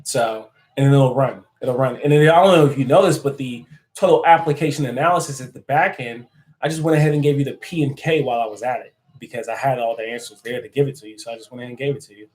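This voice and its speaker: A man's voice: medium pitch, fast talker, low-quality recording. A man hosting a casual live stream who answers viewer comments and laughs often. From United States. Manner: chatty and joking, laughs often.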